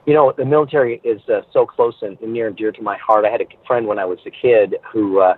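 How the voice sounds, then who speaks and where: A man's voice: lowish voice, quick pace, husky. Storytelling man on a tinny phone line. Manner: animated storyteller who acts out voices. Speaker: guest entertainer. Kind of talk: podcast interview, storytelling.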